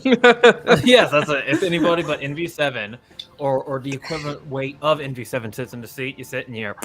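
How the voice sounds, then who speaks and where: A man playing a tabletop game, telling his moves in animated detail. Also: mid-range voice, brisk, over a noisy crowd. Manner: animated, descriptive storytelling. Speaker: player.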